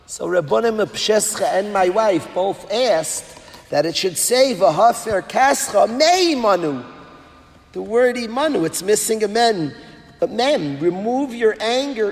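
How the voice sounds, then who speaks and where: A man giving an impassioned sermon as a rabbi, swinging between hushed words and loud, sing-song passages. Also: high voice, expressive, a little slow. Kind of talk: sermon to an audience of educators. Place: large hall at an event. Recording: long hall reverb, faint background noise.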